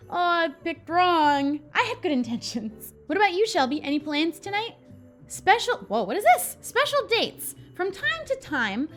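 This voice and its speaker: A woman's voice: high voice, fairly bright tone. A woman hosting a story game playthrough, chatting in a bubbly, jokey way and laughing often as she reads the choices. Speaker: gaming video host.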